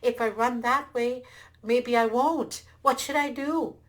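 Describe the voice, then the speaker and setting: A woman's voice: lowish voice, animated, slow, a bit bright. A woman storyteller voicing a frightened male donkey who bluffs to seem fierce. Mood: fretful. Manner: fretful, then boastful.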